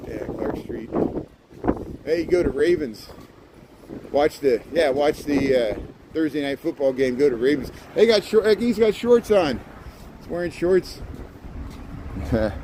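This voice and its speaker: A man hosting a casual livestream while walking a city street at night, chatting loosely and thanking viewers by name with easy laughs. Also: mid-range voice. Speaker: livestream host. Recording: wind noise on the mic outdoors.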